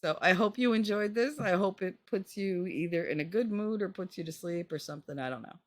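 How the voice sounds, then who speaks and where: A woman hosting her channel, commenting casually on a book she reads from, blunt and joking, swearing freely and swooping into squeaky high notes. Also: brisk, dry recording.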